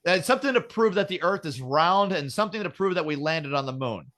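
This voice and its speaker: A man's voice: on the high side, lively intonation, brisk, a bit bright. A man co-hosting a casual podcast, rambling and swearing as he rants and acts out mock quotes. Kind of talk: casual profane political banter.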